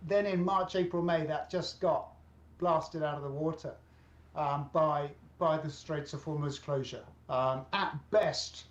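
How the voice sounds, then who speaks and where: A man analyst explaining fuel prices and interest rates in an interview, with some fillers. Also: fairly high pitch. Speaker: economic analyst. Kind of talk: interview answer. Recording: roomy, dull remote audio.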